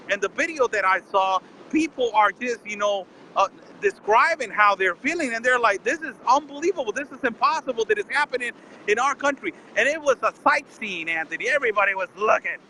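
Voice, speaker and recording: A man's voice: very high-pitched, pushed and bright, slight background noise, rough recording. A man calling in to a casual live-stream conversation, indignant and firing off rhetorical questions at the host. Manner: indignant, fires rhetorical questions, keeps addressing the host by name. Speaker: border correspondent calling in.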